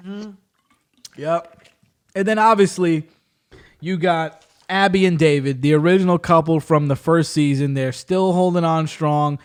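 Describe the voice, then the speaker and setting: Man, podcast host, higher voice, animated storytelling, acts out quotes, frequent laughter. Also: unhurried, clean tone. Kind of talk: casual chat.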